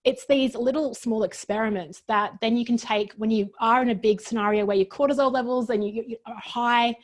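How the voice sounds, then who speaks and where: A woman who runs workshops, a guest on a chat show, telling stories earnestly in quick bursts. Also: on the high side, fairly even intonation. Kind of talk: casual interview chat.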